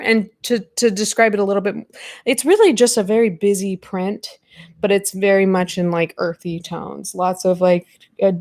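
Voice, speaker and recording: A woman's voice: fairly low pitch, darkish tone, no echo, studio quality. A woman in her thirties hosting a casual live-stream podcast from home, chatty and self-deprecating with lots of fillers. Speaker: podcast host. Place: home room at a computer.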